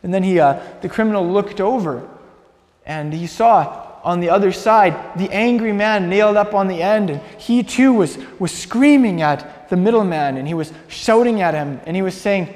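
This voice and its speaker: A man's voice: high voice, moderate pace, darkish tone. A man preaching, retelling a story earnestly with many restarts and repeated words. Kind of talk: sermon storytelling. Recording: long hall reverb.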